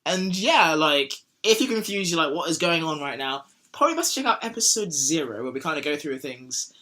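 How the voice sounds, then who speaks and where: A man's voice: fairly high pitch, animated, fairly quick, sharp tone. A young man hosting a casual podcast, rambling and joking, now and then sliding into silly put-on voices. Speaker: podcast host.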